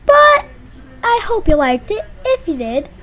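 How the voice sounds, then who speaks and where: A woman giving absurd mock driving advice in a rambling, halting way, full of fillers and deadpan jokes, in a car showroom. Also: high-pitched, muffled recording, heavy background noise. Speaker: vlogger. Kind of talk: joking mock tutorial.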